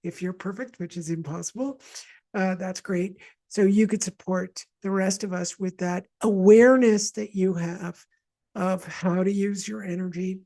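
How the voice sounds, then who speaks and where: A woman from Montreal leads a guided wellness session. Her voice sits at a middle pitch, and she talks to listeners in a chatty, wandering way full of asides and restarts as she coaches them through breathing. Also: fairly even intonation, unhurried, dark tone. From Montreal, Canada. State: mild asthma. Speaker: energy healer leading a session.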